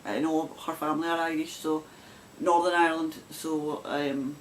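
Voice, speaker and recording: A woman's voice: low voice, fairly even intonation, normal speed, slight background noise. A woman with a broad Glasgow Scottish accent hosting a knitting podcast, chatting casually to camera with frequent laughs and rambling asides. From Scotland.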